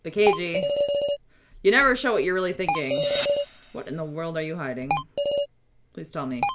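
A woman's voice: low voice, big pitch swings, normal speed, pitched below the performer's own voice. A woman reading the lines of an earnest young woman who pleads with a friend, from a game. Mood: pleading. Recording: loud game music behind.

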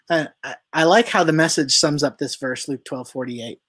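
A pastor preaches in a relaxed, conversational way. The sermon is full of questions put to the listeners, with the odd filler and self-correction along the way. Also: mid-range voice, moderate pace.

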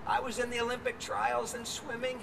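A man voicing a frail elderly woman in a nursing home, croaky and soft, in a sermon outdoors. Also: a little high, level tone, a little fast, distant mic, noisy background, pitched above the performer's own voice. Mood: wistful.

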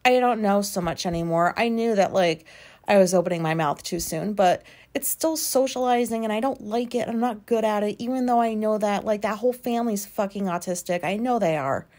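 A woman's voice: medium pitch, fairly quick, darkish tone. Woman in her thirties, solo podcast host, rambling, casual, swears freely, plenty of ums and likes, recorded at home. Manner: casual, frank, swears freely, lots of fillers. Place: home, sitting in a recliner.

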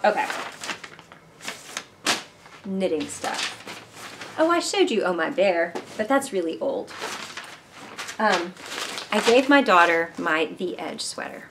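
A woman's voice: lowish voice, expressive, takes it slowly, long pauses, noisy background. A woman hosting a knitting video podcast at home, chatting and rambling casually to camera and asking her viewers questions. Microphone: camera mic, moving handheld camera.

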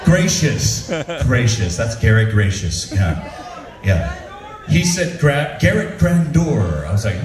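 A male comedian telling stand-up stories in an animated way, often laughing at his own material. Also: mid-range voice, slow, a crowd in the background. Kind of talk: stand-up storytelling. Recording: roomy, from far off.

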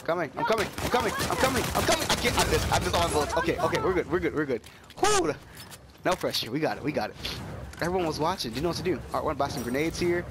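A young man with a cold giving excitable, chatty commentary while playing a shooter game. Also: on the high side, very fast, heavy background noise. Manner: excitable, yelps and trails into chatty stories. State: sick with a cold, coughing. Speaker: gaming YouTuber. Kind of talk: casual gameplay commentary. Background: game gunfire.

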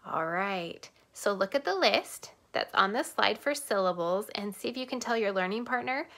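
A woman teacher giving a lesson to young children, sing-song, clapping out words slowly. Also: medium pitch, lively intonation, fairly bright tone.

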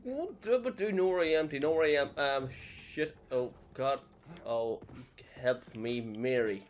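A man's voice: medium pitch, normal speed, slight background noise. A man giving casual, jokey let's-play commentary into a desk microphone at home, reacting to the game and dropping to whispers while sneaking. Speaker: gameplay commentator.

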